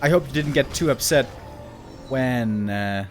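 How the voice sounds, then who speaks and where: A man's voice: mid-range voice, unhurried, soft background music. A man giving live commentary on a strategy game match, chatty, exclaiming at big plays and drifting into casual asides to viewers. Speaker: esports caster.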